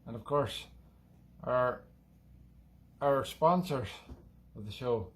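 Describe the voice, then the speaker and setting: A man's voice: mid-range voice, slow pace, lightly acted. A Scottish man doing a boozy stage-Irish leprechaun. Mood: rambling. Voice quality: exaggerated put-on Irish lilt. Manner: rambling, jokey, drifting into nonsense. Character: boozy cheeky male leprechaun host. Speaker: music show host. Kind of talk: comic character monologue.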